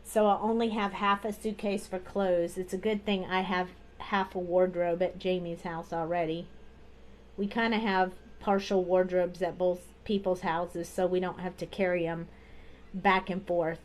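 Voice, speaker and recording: A woman's voice: lowish voice, flat delivery, a little slow. A woman hosting a live card-making tutorial, chatting casually as she talks through each coloring step at her craft desk.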